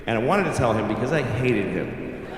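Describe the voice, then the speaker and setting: A man in his late forties working a stand-up stage, blunt and casually profane, his pitch swinging widely as he tells the story. His voice rolls around a large, reverberant theater with a faint murmur of room noise underneath. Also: animated, normal speed. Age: late 40s. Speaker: stand-up comedian. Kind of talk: stand-up comedy. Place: live comedy theater. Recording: echoey hall with faint ambience.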